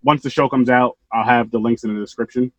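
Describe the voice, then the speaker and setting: A man's voice: medium pitch, steady tone, quick pace, dry recording, highs cut off. A man hosting a podcast, talking with a guest in an easygoing way. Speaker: podcast host. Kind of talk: casual interview chat.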